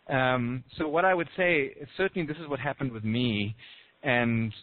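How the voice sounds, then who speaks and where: Man giving advice over a tinny phone line. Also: mid-range voice. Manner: storytelling, acts out small voices in anecdotes. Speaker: relationship coach guest. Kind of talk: casual advice on a call.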